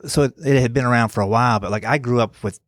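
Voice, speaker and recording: A man's voice: mid-range voice, quick pace, no room sound, studio quality. A man hosting a podcast, asking casual, rambling follow-up questions. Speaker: podcast host. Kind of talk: casual interview chat.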